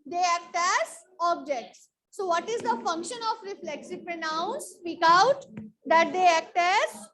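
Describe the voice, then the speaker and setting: A woman's voice: extremely high pitch, animated, a little slow, a bit bright, slight background noise, low-quality recording. A woman teacher giving a grammar lesson in a school classroom. She asks a question, answers it, and repeats it as a drill, calling on students by name.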